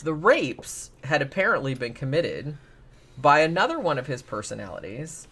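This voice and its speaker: Give me a man hosting a casual podcast, chatty and rambling, with a bright tone. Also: fairly high pitch, big pitch swings, normal speed, slightly rough. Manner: rambling, lots of "like" and restarts. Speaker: podcast host. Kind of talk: casual true-crime podcast chat.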